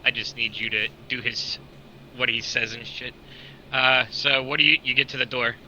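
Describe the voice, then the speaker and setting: A man narrating a tabletop game as game master in a relaxed, casual way, swearing and laughing often. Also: medium pitch, moderate pace, slight background noise, low-quality recording.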